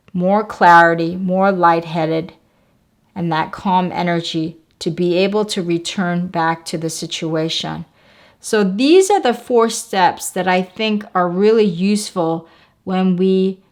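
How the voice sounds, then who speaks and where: Calm, low-voiced woman teaching self-help. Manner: calm, instructive, repeats key phrases. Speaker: wellness channel host. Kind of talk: self-help talk to camera.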